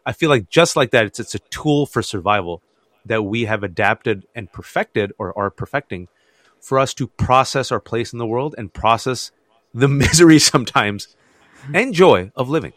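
A man in the guest chair of a radio interview, spinning animated stories and laughing often. His voice sits at an ordinary pitch and is recorded close and dry, with no room sound around it. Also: moderate pace, dry recording. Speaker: author and guest.

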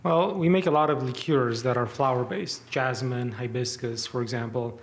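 A man with an average-pitched voice answers interview questions about his distillery. He explains things calmly and in a measured way. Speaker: distillery owner, guest. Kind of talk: radio interview.

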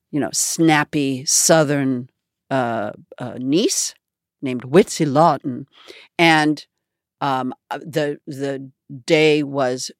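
A woman's voice: deep voice, dry recording, studio quality. A woman guest in a radio interview, telling an anecdote with animation and acting out quotes. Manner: animated storyteller, acts out quotes.

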